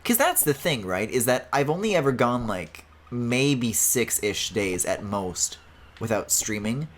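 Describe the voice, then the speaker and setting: Animated, chatty male game streamer. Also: mid-range voice, a little slow. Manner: animated, chatty, swears, laughs often. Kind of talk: casual let's-play commentary.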